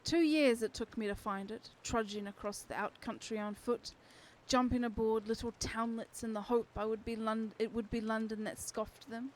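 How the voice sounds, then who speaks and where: A woman's voice: fairly high pitch, steady tone, moderate pace, few pauses, close to an everyday voice, poor audio. A woman voicing a bitter, curt young woman with a vengeful streak in a storybook reading, snappish and mocking.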